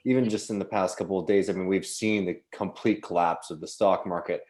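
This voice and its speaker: Low mellow-voiced dude explaining stuff steadily, lots of uh and you know. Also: male voice, steady tone, fairly quick. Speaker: economics segment contributor. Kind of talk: explanatory commentary.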